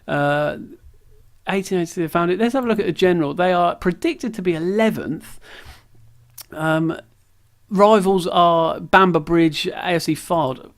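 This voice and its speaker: A young man chats loosely over a sports management game, wandering into jokey, self-deprecating asides. His voice sits a little on the high side for a man. It sounds like it was picked up on a camera's own mic at home. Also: unhurried. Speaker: gaming video creator. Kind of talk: casual let's-play commentary. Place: at home, sitting on the floor. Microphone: camera's built-in mic.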